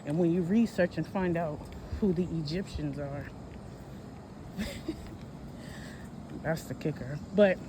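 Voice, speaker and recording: Forties vlogger, loose walk-and-talk, rambles and self-corrects, noisy outdoor phone audio, mid-pitched. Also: slow, long pauses. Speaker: history vlogger. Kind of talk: casual walking vlog. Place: outdoors, walking on a hot day.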